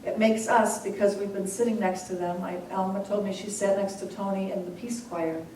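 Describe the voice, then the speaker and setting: A woman minister leading a congregation in slow, measured sutra chanting, then speaking softly and conversationally. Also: mid-range voice, steady tone, a little hiss or hum. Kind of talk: call-and-response sutra chanting and sermon. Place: large hall with a congregation. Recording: echoey hall, voice from far off, congregation audible.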